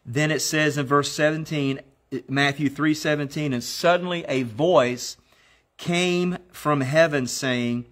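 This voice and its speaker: A man's voice: a little high, steady tone, a bit bright. Man preaching an exhorting sermon. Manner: exhorting, leads the congregation in spoken declarations; quotes scripture in slow, emphatic phrases.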